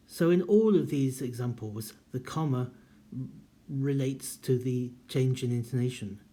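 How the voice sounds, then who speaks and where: A man's voice: mid-range voice, dark tone. Man giving a careful writing lecture. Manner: clear, deliberate, reads examples aloud with marked intonation. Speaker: university writing teacher. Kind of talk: recorded lecture.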